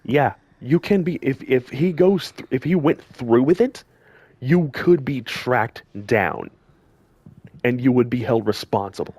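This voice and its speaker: Male commentator, furious scolding rant, unhurried delivery, mid-pitched voice. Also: lively intonation, a little mellow, slightly rough, no room sound. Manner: scolding, heated, repeats himself for emphasis. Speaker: gaming channel commentator. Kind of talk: angry direct-to-camera rant.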